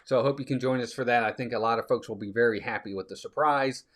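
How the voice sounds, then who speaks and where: A man's voice: medium pitch, quick pace, a bit bright, a little hiss or hum. A man hosting a casual live stream, chatting with viewers and reading out their comments. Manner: chatty, reads out viewer comments, sneezing fits.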